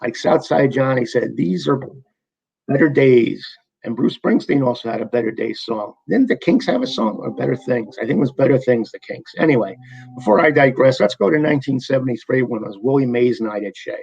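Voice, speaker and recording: A man's voice: medium pitch, expressive, fairly quick, gravelly, a little mellow, slightly rough, no echo, highs cut off. New man retelling old baseball. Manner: enthusiastic storyteller, reads lineups in a sing-song list. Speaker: baseball history podcast host. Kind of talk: scripted retelling of a past game.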